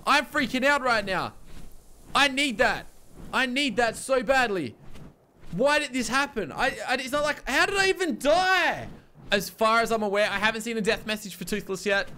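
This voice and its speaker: A man's voice: very high-pitched, sing-song, moderate pace, bright, forceful tone. A young man commentating his survival game, panicked and exasperated, repeating himself. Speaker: gaming YouTuber. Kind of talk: let's play commentary.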